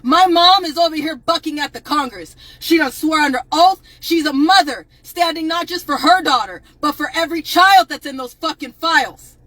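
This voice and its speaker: A woman delivers a furious, profane rant live to her viewers, raising her voice into shouts again and again. Her voice sits high and sounds bright and sharp. The sound is dry, with no room echo. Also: moderate pace, hardly any pauses. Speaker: advocate on a livestream. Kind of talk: impassioned livestream rant.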